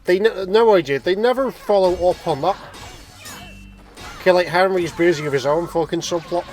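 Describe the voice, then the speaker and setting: A man's voice: sits high, moderate pace, a little mellow, soft background music. A man doing casual let's-play commentary, teasing and swearing as he rambles. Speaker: co-host of a gaming stream.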